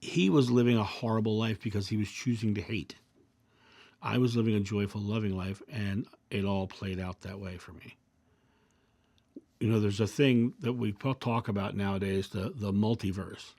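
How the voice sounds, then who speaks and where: A man hosting his own video channel, reflecting calmly through personal anecdotes and parables in a casual monologue. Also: on the low side, normal speed, no echo. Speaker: video host.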